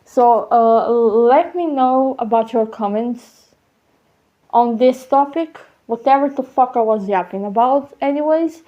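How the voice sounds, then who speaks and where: A woman rambling casually in an audio diary, swearing and halting as she wraps up. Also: fairly high pitch. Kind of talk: casual spoken musing. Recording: dull lo-fi recording.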